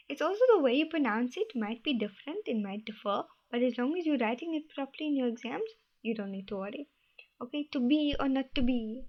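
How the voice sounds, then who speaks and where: A woman's voice: on the high side, gravelly. A young woman hosting a study video, explaining terms in a loose, chatty way and repeating herself as she goes. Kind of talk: casual explainer lesson. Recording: dull lo-fi home recording.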